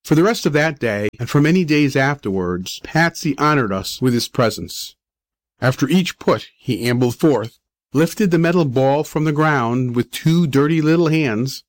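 A volunteer male reader narrating an old short story in a plain, measured way. The recording is dry and close, with no room echo at all, and his pitch sits in the middle. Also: lively intonation. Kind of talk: scripted narration.

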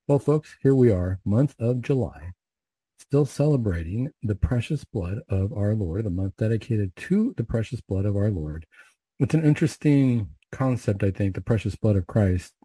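A man with a low, very mellow voice recites Catholic prayers, then talks through a faith reflection in an easy, conversational way. His voice is a touch husky and recorded close and dry. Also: expressive, normal speed, no echo, low-quality recording. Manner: plain conversational, with fillers and rhetorical questions. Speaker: Catholic speaker leading prayer.

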